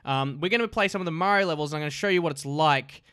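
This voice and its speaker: A man's voice: fairly high pitch, very fast, sharp tone, clear, resonant tone, dry recording, studio quality. A man giving casual, crude and jokey gameplay commentary as host of his gaming videos.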